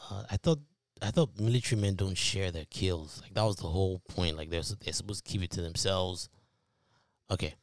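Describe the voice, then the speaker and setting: A man co-hosting a podcast in casual chat, reading out news and reacting with animated, mocking asides. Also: low-pitched, no echo. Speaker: podcast co-host.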